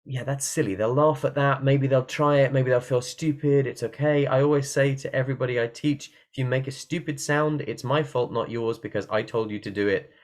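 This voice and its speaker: A man's voice: mid-range voice, fairly even intonation, a little fast, hardly any pauses. Playful man teaching singing, demonstrating. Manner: playful, demonstrates with sung and yelled examples. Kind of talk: online workshop talk. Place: room at a computer by a window.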